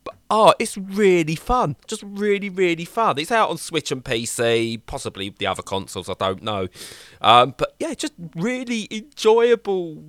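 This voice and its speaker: A young man co-hosting a casual chat, rambling and animated as he acts out little voices. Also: on the high side, normal speed, no room sound. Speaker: podcast co-host reviewing games.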